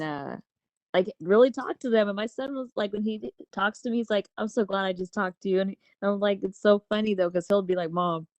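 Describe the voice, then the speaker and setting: A woman in her forties telling animated stories in a casual group discussion, laughing often. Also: medium pitch, no echo. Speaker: open mic participant.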